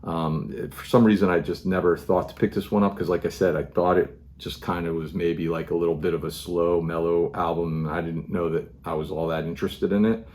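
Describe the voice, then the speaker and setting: A middle-aged man with a very low voice talks casually at home about the albums in front of him. He rambles, restarts his sentences and fills the gaps with ums and you-knows. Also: fairly even intonation, fairly quick, few pauses, a little mellow. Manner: rambling, many fillers and restarts. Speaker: record collector vlogger. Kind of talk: casual show-and-tell monologue.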